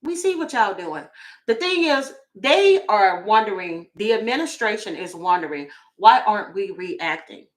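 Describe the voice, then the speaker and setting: A woman tarot reader giving casual opinion commentary to camera, animated and sassy, talking straight to her viewers. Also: medium pitch. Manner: mimics other people in quick asides.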